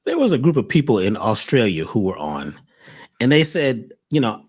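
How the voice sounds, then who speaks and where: A man speaking as a guest in an animated spiritual talk, telling stories and acting out the people he quotes. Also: medium pitch, moderate pace, breathy edge.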